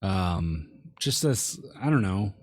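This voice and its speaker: Laid-back male co-host, unhurried and wry, dry close sound. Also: sits low, animated, no room sound. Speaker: podcast co-host. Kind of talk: casual movie review chat.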